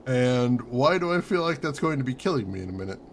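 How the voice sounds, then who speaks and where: A man's voice: mid-range voice, big pitch swings, a little fast, slight background noise. A man hosting a let's play, giving wry, joking running commentary as he plays. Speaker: gaming channel host.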